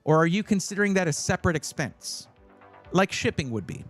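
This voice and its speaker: A male stream host talks casually, his voice ranging widely and sitting a little high. He rambles with fillers and breaks into excited bursts. Faint music plays beneath him. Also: brisk. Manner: chatty and animated, many fillers, bursts of excitement. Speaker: livestream host giving PC buying advice. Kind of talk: casual live-stream chat.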